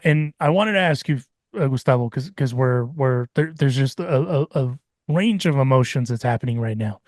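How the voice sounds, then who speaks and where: A man's voice: mid-range voice, no echo, studio quality. A man hosting a podcast, talking in a reflective, casual way and slipping into Spanish phrases. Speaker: podcast host.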